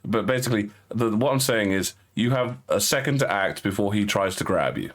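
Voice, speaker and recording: Low-voiced man running a tabletop game. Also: expressive. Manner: halting, many fillers and restarts. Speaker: game master.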